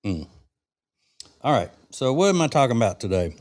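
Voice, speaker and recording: A man's voice: medium pitch, big pitch swings, normal speed, darkish tone, dry recording. A middle-aged man from the South, hosting a casual cigar-smoking podcast chat in a rambling, folksy way with fillers and restarts. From American South. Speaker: podcast host.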